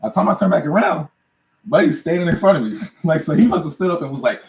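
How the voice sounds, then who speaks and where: A man's voice: fairly high pitch, animated, fast. A man hosting a live podcast, telling stories casually, laughing often and often asking "you know what I'm saying". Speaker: podcast host. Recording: roomy echo.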